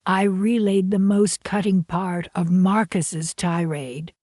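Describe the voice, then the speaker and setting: Woman reading a dramatic first-person story, slow and measured, lowish voice, dry close sound. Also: fairly even intonation, a little mellow, no room sound. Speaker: narrator.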